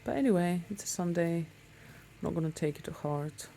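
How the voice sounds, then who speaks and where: A chatty woman vlogs from her motorbike, her voice low-toned, mellow and a touch gravelly. She rambles along with plenty of ums, talking casually to her viewers. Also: expressive, moderate pace, a little hiss or hum. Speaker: motorcycle vlogger. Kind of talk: casual talk to camera while riding.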